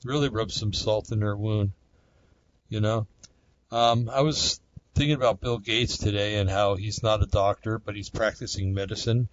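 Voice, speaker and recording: A man's voice: fairly low pitch, dry recording, dull audio. A man hosting a casual solo talk show, rambling conversationally with many fillers and restarts. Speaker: podcast host.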